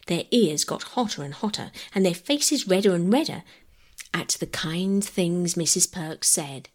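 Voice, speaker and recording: Husky, low-voiced woman reading a bedtime story. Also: expressive, a little slow. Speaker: audiobook reader. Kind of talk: calm bedtime story narration.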